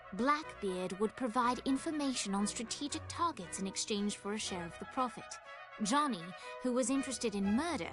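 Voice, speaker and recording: Lady doing game storybook narration, calm and wry, music going underneath. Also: a little high, natural voice.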